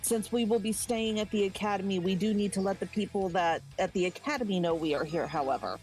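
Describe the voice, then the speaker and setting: A woman speaks in character during a tabletop game, calm and measured with formal wording. Her voice sits at a middle pitch. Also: faint music behind, low-quality recording. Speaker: player. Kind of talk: in-character play.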